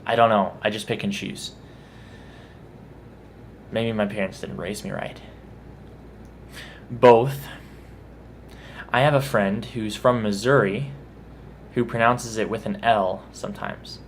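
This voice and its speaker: A man's voice: on the low side, fairly even intonation, slow pace, long pauses, slight background noise. A man with a Texan accent, casually musing about his own pronunciation in a vlog. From Texas. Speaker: vlogger.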